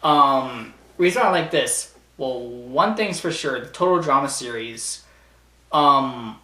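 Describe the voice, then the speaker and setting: A man's voice: medium pitch, lively intonation, slow pace, bright, forceful tone. A man chatting casually on his vlog, rambling with lots of stammered restarts. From Canada. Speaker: vlogger. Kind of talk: casual chat, ranking TV shows. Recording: echoey room, mic at a distance.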